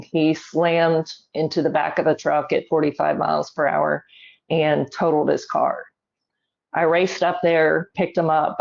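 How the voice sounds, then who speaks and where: A middle-aged woman telling a personal story in an interview, measured and emotional, holding back tears. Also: sits low, a little mellow, lo-fi sound. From South Carolina, US. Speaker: guest.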